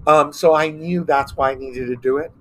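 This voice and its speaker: A middle-aged man from Texas, a guest telling animated stories in a casual interview, acting out quotes as he goes. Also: fairly high pitch, normal speed. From Texas, United States. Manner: animated anecdotes with acted-out quotes.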